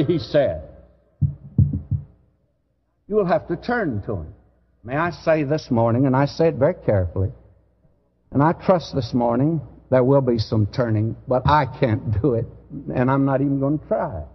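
A man preaching a sermon, earnest and conversational, with sudden loud emphasis. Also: a little high, big pitch swings, moderate pace, breathy edge. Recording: dull lo-fi recording with long hall reverb.

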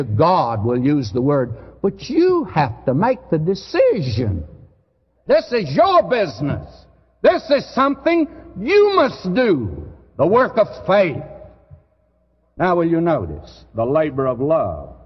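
A man preaching a sermon, earnest and conversational, with sudden loud emphasis. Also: mid-range voice, breathy edge. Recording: dull lo-fi recording with long hall reverb.

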